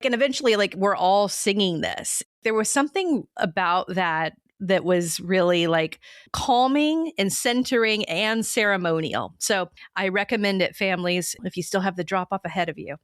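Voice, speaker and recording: A woman's voice: mid-range voice, expressive, moderate pace, no echo, studio quality. A middle-aged woman from Tulsa co-hosting a podcast, chatty and playful with a teasing streak. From Tulsa, Oklahoma, US. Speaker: podcast co-host. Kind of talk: casual podcast chat.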